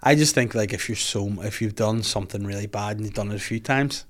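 A man's voice: on the low side, fast. A young man with a Northern Irish accent hosting a casual podcast, rambling, swearing freely and laughing a lot. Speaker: podcast host. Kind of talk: casual chat.

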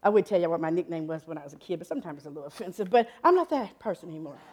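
A woman in her fifties preaching a sermon in an animated, excitable way, often laughing and jumping up in pitch. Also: rapid-fire, a crowd in the background. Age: 50s.

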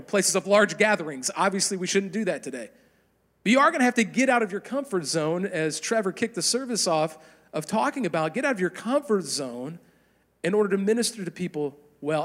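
A man's voice: high-pitched, fairly bright tone, long reverb tail. A man preaching a sermon in an encouraging, conversational teaching manner. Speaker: pastor.

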